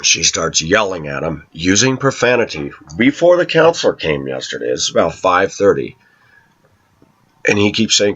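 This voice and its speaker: A man talking to his viewers in a long personal monologue, aggrieved and telling his side, often clearing his throat. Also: sits low, sing-song, normal speed, a bit bright. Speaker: vlogger addressing viewers. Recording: slightly dull lo-fi recording.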